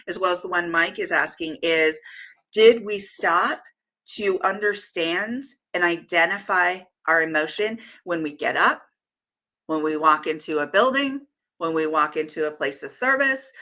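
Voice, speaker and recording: Woman podcast host, low-ish bright voice, thoughtful, chatty. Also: poor audio. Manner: reflective, reads listener comments aloud. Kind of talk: casual podcast conversation.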